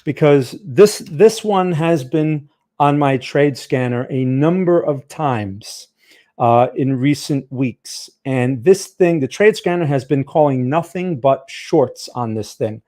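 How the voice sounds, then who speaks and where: New Jersey-accented man, fairly high voice, chatty live-stream trading teacher. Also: animated, slow pace, dark tone. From Northern New Jersey, USA. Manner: chatty, talks to chat viewers. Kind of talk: live-stream market lesson.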